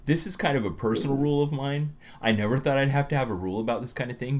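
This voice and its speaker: Easygoing man telling home stories. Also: lowish voice. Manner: easygoing storyteller, laughs often. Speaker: podcast co-host. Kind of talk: casual chat.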